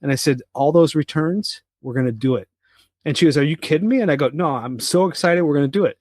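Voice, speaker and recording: A man's voice: fairly high pitch, fast, darkish tone, no echo, clean studio sound. A middle-aged man co-hosting a parenting podcast, telling a family story in a casual, rambling way with many restarts and fillers. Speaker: podcast co-host. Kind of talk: casual chat.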